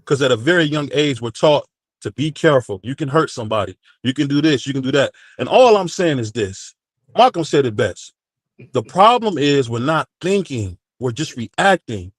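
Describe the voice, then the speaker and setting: A man's voice: mid-range voice, big pitch swings, moderate pace, no room sound, studio quality. Emphatic man in heated debate. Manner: emphatic, repeats phrases while holding the floor. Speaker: panel guest. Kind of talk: heated sports talk debate.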